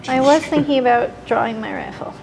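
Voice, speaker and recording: Woman player in a tabletop rpg, gravelly voice, higher pitch, dry and matter of fact, music in the back. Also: a little fast, a little mellow, slight background noise, low-quality recording. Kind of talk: casual tabletop game play.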